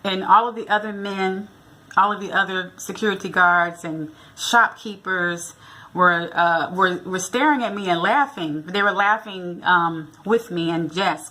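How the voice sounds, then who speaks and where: A middle-aged American woman vlogs chattily, retelling a funny encounter and acting out the quoted dialogue. Her voice is lowish and sharp, at a moderate pace.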